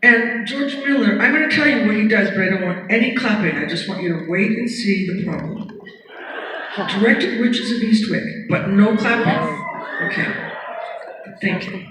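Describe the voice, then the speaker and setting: A woman's voice: mid-range voice, moderate pace. A woman telling comedic stories on a theater stage, chatty and self-mocking, with casual swearing. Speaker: stage performer. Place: large theater stage before a live audience. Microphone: audience camera far from the stage. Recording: distant echoey theater audience recording. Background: audience laughter and hall noise.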